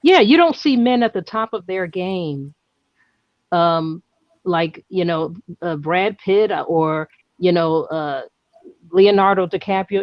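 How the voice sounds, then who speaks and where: An emphatic woman with a New York accent chats on a dull, lo-fi recording. Her voice sits a bit low and sounds dry and close. She stumbles and repeats words as she builds her point. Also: expressive, takes it slowly, dry recording. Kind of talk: casual chat.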